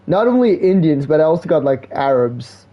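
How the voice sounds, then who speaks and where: A man's voice: fairly high pitch, sing-song, moderate pace, highs cut off. A man streaming live, chatting casually in a slangy, laid-back way, full of "bro" and "like". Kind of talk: casual rambling stream chat.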